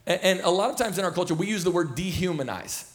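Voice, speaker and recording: In the church auditorium, a thirty-something senior pastor preaches with a high, animated voice at a quick pace. The sermon rambles like a casual story, and he keeps starting over and leaning on fillers.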